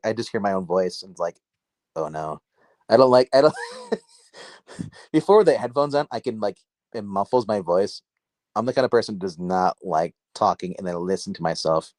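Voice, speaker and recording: A man chatting casually on a livestream about comics from his dark home, rambling and restarting his sentences. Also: on the low side, no echo. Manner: rambling, self-interrupting, filler-heavy. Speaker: comic book livestream host. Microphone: phone.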